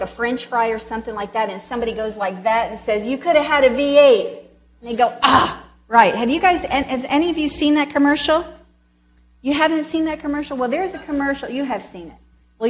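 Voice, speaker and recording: A middle-aged woman giving a children's sermon in a chatty way, acting out quoted reactions with a drawn-out "ah". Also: fairly high pitch, a little hiss or hum.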